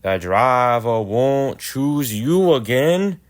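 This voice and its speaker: A man voicing big, boastful male engines who talk in a slow, smug way in a storybook reading. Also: medium pitch, big pitch swings, voice pushed up. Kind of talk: storybook character voice.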